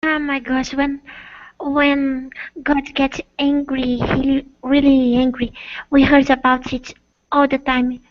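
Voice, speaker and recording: A woman's voice: sits high, monotone, slow, muffled recording. A woman language student, not an English speaker, hesitantly searching for words on a video call.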